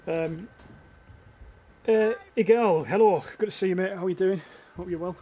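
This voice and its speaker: Chatty northeast English gaming streamer. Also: male voice, high-pitched, normal speed, mellow, a little hiss or hum. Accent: northeast English, near North Yorkshire. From northeast England. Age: young adult. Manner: chatty, swears freely, restarts phrases, talks to chat. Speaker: gaming livestreamer. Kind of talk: casual live gameplay commentary.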